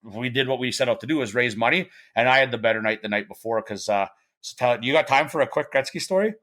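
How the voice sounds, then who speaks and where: A man's voice: medium pitch, quick pace, a bit bright. Rambling man telling a story. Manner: rambling with frequent restarts and fillers; acts out quoted voices in his stories. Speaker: podcast guest. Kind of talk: casual storytelling.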